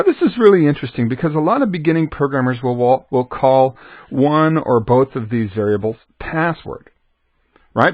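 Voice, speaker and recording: A man's voice: mid-range voice, no room sound. A man gives a screen-recorded coding lesson, chatting with the viewer and answering his own asides. The recording is dry and slightly dull, with little room around the voice. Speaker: programming instructor.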